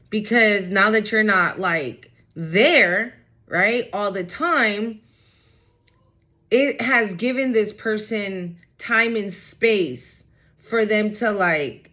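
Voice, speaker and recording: A woman's voice: mid-range voice, sharp tone, low-quality recording. A woman giving a casual tarot reading, talking straight to viewers in a blunt, hyped way and swearing freely. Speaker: tarot card reader.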